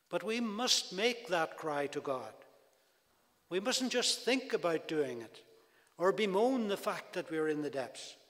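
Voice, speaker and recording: A man delivers a sermon at an unhurried, measured pace, his voice sitting somewhat high for a man. He leans into quoted prayers with rising emphasis. The recording carries a long, echoing reverb of a large hall. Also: fairly bright tone. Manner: slow, deliberate preaching with emphatic rises on quoted cries. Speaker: preacher.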